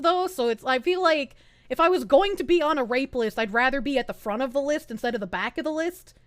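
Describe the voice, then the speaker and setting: A woman's voice: high voice, a bit bright, dry recording, studio quality. A young woman streamer with a Southern US accent, chatting casually while reading chat aloud, laughing often and swearing freely. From American South. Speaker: VTuber streamer.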